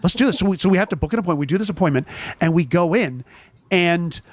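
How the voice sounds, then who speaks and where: A man's voice: sits high, fast, dry recording. A man hosting a chat show, telling a story casually with lots of restarts. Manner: animated storyteller, restarts often.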